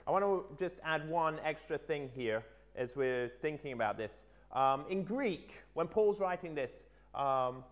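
A man preaching a sermon, telling an illustration with earnest emphasis that swings between lively stresses and quiet asides. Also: medium pitch, a little slow.

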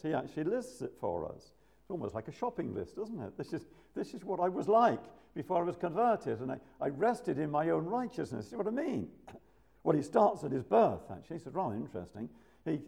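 A man preaching a sermon in a church, slowing down to stress quoted lines with an emphatic, lively delivery. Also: on the high side, vocal fry. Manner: lively, drawn-out emphatic quoting, chuckles to the congregation.

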